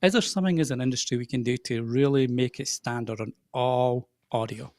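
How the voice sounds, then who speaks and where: A middle-aged man from Scotland with a softened Scottish accent, chatting as a guest on a live podcast and laughing easily. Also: mid-range voice, a little fast, no echo, clean studio sound. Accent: soft Scottish. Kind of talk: casual live chat.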